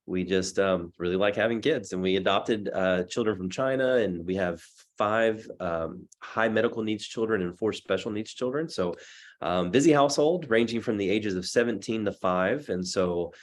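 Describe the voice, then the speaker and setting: A deep-voiced man in his thirties speaks to a team over a laptop call from a dim hotel room. He rambles warmly through his points, restarting sentences and leaning on fillers as he goes. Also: moderate pace. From Texas. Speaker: guest speaker. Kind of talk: casual talk on a video call.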